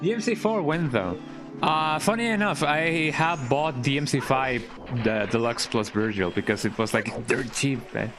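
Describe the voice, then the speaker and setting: A man's voice: medium pitch, normal speed. Rambling, jokey streamer man. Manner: rambling, jokey, with tag-question "eh?". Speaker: game streamer. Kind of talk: casual live-stream commentary while playing. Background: game music.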